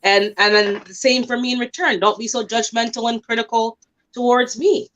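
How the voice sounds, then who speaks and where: A woman's voice: on the high side, level tone, moderate pace, a bit bright. A woman chatting casually on a livestream, greeting viewers as she talks. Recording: dull lo-fi stream audio.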